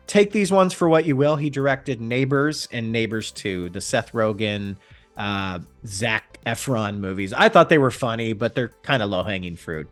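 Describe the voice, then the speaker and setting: A man co-hosting a podcast in casual chat, rambling with frequent ums. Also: medium pitch. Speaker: podcast co-host.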